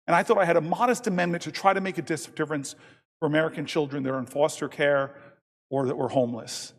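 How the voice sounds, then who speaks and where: A man in his fifties giving a long floor speech as a senator, telling a story and quoting others in lively voices. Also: fairly high pitch, fast. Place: large legislative chamber. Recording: long reverb from a large chamber.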